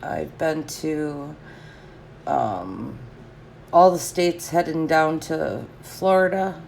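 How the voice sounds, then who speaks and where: A woman's voice: low voice, expressive, drawn-out words, creaky, a little mellow, a little hiss or hum. A middle-aged woman chatting casually and answering live comments, laughing often.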